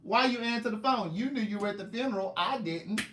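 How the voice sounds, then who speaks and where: A man's voice: sits high, fairly quick, roomy sound, a little hiss or hum. A man author chatting casually on a live stream, telling stories and teasing his viewers. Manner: animated storytelling, joking, teasing viewers.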